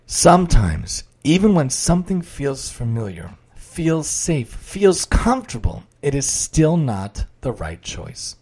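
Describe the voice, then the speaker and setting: A man's voice: medium pitch, very animated, slow pace, a little mellow, husky. A man giving a direct, emphatic motivational talk and reading stories aloud.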